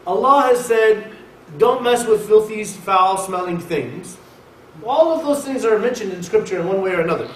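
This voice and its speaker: A man giving a conversational sermon at a mosque, lecturing in an emphatic, animated way. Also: high-pitched. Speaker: mosque speaker. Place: mosque hall. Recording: echoey hall, mic far off, faint hiss.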